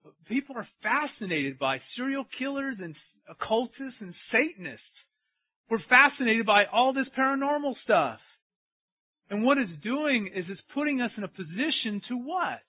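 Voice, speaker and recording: A pastor preaches a sermon in a very high voice at a moderate pace, animatedly posing questions to his congregation along the way. There's no room sound, and the recording is tinny, like a phone.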